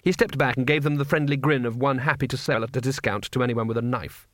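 A man narrating an audiobook in a measured, wry storytelling manner. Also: medium pitch, a bit bright, no echo, studio quality.

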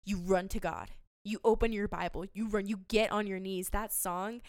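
Earnest woman with a smooth voice. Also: medium pitch, fairly even intonation, normal speed, a little mellow, no echo, clean studio sound. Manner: earnest, emotional, many fillers and restarts. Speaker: podcast host. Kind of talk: faith podcast talk.

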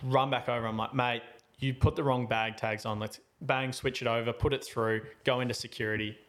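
A young man tells a story on a podcast in a relaxed, chatty way. He animates it by putting on voices for the people in it, and his voice swings high and low as he goes. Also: a little fast. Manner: animated, acts out both sides of the story with voices. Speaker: podcast co-host. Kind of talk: casual storytelling chat.

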